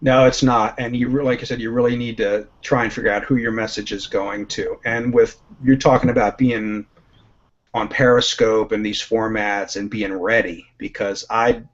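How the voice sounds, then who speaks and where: Low, flat-voiced man on a muffled call. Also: normal speed. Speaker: panelist. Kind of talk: casual panel chat.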